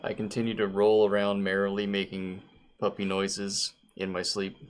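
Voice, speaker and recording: A man's voice: lowish voice, completely flat delivery, moderate pace. A man playing a tabletop game, joking around in casual chat. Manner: playful, jokey. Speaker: player.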